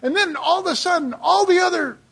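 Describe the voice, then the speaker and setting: A man's voice: very high-pitched, a little fast, creaky, background noise. A man preaching a sermon in a loose, conversational way, with lots of rhetorical questions and "you know"s.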